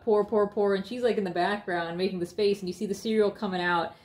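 A woman's voice: mid-range voice, level tone, fairly quick, few pauses. A woman co-hosting a casual comic reaction chat, telling imagined scenes and voicing the characters in them. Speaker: co-host.

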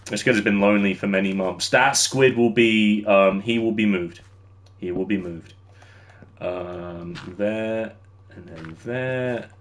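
A young man livestreams a game, building while he chats with viewers and laughs easily. His voice sits fairly low and he talks at a slow pace, giving casual gameplay commentary.

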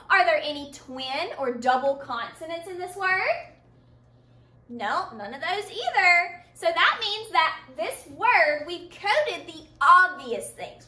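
A woman teaches a children's phonics lesson at a slow, careful pace. Her high, bright voice rises and falls a lot as she asks questions and praises the class. She is recorded from some distance in an echoey room.

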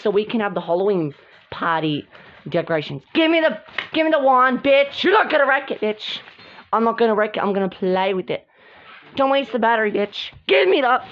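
A woman doing a whole cast of quarrelling girls in a homemade toy drama, her voice sitting a little high and leaping all over as she switches from one character to the next with gasps and yells. The sound is dull and lo-fi, like a cheap home recording. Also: animated. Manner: squabbling, quick jumps between characters, gasping and shouting. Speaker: hobby drama performer voicing several characters. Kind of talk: home-made doll drama role-play.

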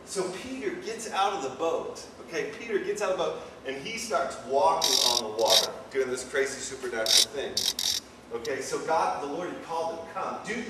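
A man preaching a casual, chatty sermon, full of asides and quick "okay?" checks with his listeners. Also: on the high side, expressive. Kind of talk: informal sermon. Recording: very echoey, distant mic, faint noise.

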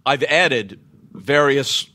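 A man guesting on a podcast, telling anecdotes in an animated storytelling manner. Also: mid-range voice, drawn-out words.

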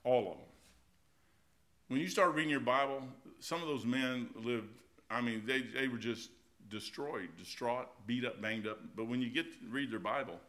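A man's voice: mid-range voice, moderate pace. A middle-aged American man preaching an informal, folksy sermon as pastor, full of anecdotes and asides. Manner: folksy and animated, keeps saying "man", tells anecdotes. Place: church sanctuary.

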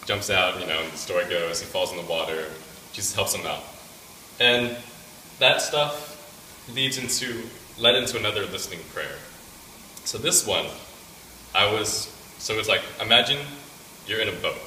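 Give me a young man with a deep voice giving a loose personal testimony, heard from far off in a reverberant hall with faint noise. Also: normal speed, bright, forceful tone. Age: young adult. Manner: casual, rambling, many fillers. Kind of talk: personal testimony to a campus fellowship group. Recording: echoey room picked up from a distance.

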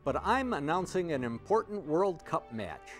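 Man reading a sassy little girl, high and dismissive. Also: very animated, moderate pace, faint music behind. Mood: bossy. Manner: matter-of-fact, dismissive. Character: bossy little girl with ponytail.

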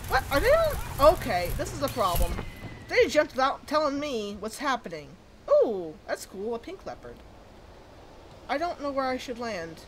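A woman's voice: fairly high pitch, sing-song, normal speed, fairly bright tone, a little hiss or hum. A woman giving casual, jokey commentary while playing a game, chatting away and shrieking when startled. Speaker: gaming video host.

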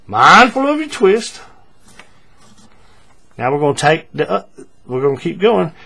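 In a laid-back paracord tutorial, a man explains every step as he goes, repeating himself and leaning on filler words. He sounds a little high and slightly rough, with vocal fry and a measured pace.

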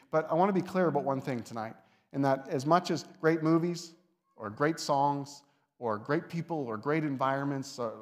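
Conversational man preaching a sermon. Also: medium pitch. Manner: conversational, with soft asides and lifted emphasis. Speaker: lead pastor. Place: church sanctuary.

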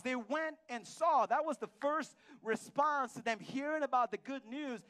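A man with a notably high voice delivers a conversational sermon in a church. He tells stories with acted-out dialogue and quizzes the congregation. His delivery is lively and informal. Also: normal speed, few pauses. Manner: animated, storytelling with acted-out dialogue and audience questions. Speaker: pastor. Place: church hall.

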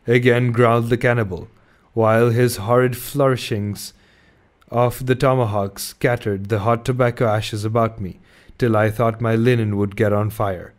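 A man reads a classic novel aloud in a measured, steady way and makes small slips now and then. His voice sits at an ordinary middle pitch. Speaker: audiobook reader.

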